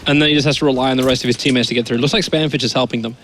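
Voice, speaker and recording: A man's voice: mid-range voice, fairly even intonation, racing, a bit bright, slight background noise. A man casting an esports match who rambles into playful stories and jokes. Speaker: esports caster. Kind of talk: casual casting banter.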